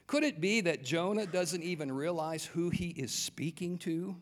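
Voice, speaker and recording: A man's voice: fairly high pitch, moderate pace, few pauses. A man preaching a sermon in an earnest way, often putting rhetorical questions to his listeners. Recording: long hall reverb.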